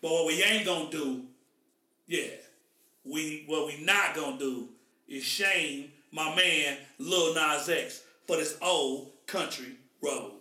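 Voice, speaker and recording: Male podcast host from the Midwest, high and bright, animated and slangy, echoey distant room. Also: takes it slowly. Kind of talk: casual podcast chat. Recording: echoey room, mic far off.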